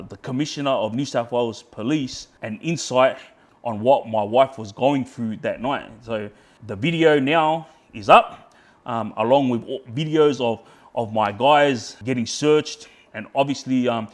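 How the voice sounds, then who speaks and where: Australian man telling a heated story. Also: mid-range voice. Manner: heated, swears a lot, re-enacts shouting in quotes; frequent fillers like yeah, bro, friggin'. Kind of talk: casual storytelling.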